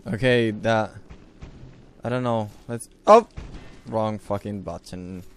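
A young man giving casual gameplay commentary who swears a lot and bursts out loudly at sudden mishaps. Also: on the low side, slow pace, smooth, soft background music. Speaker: let's play host.

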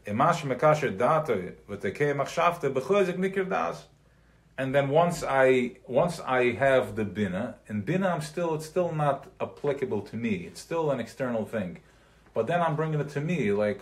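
A man's voice: mid-range voice, normal speed. Conversational man teaching a class. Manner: loose and conversational, mixing in Yiddish terms; checks in with listeners, acts out everyday examples. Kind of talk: live recorded Chassidic class.

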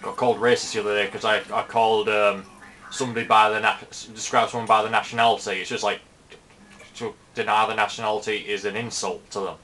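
A man's voice: on the low side, flat delivery, fast talker, pushed and bright, a little hiss or hum. A man casually commentating his own gameplay, chatty and sweary, talking to the enemy players on screen. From Britain. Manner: chatty, sweary, talks to enemies. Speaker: gaming commentator.

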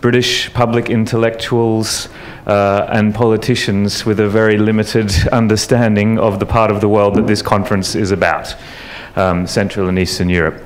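A man moderating a conference discussion in a measured, formal way. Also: on the low side, level tone.

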